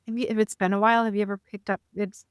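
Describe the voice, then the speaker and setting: A woman's voice: mid-range voice, little pitch movement, racing, clean tone, no room sound, studio quality. A woman guest on a casual podcast, speaking candidly and confessionally, often trailing off mid-thought.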